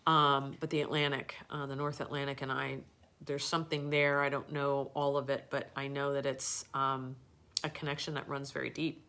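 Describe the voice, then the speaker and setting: Low-voiced woman host telling a story. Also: little pitch movement, normal speed, sharp tone. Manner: rambling, with many fillers and restarts. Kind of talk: casual storytelling on a live show.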